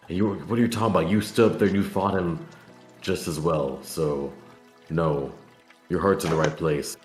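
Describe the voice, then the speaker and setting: A man's voice: very deep voice, reverberant. A man playing a tabletop game who speaks in character in an earnest, apologetic way. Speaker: player. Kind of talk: in-character role-play.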